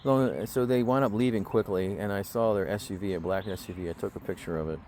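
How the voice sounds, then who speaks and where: A man with a lowish voice tells a grudge story in a blunt, aggrieved way and swears freely. He's recorded outdoors, with faint birdsong and woodland ambience behind him. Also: fast, darkish tone, a little hiss or hum. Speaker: vlogger. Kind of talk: casual storytelling rant. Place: outdoors in the woods.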